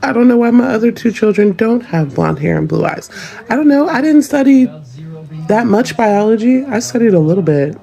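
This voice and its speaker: Chatty mother with a mellow voice. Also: a little high, lively intonation, normal speed, gravelly. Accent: Southern US. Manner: chatty, emphatic, repeats okay. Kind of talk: casual talk to camera.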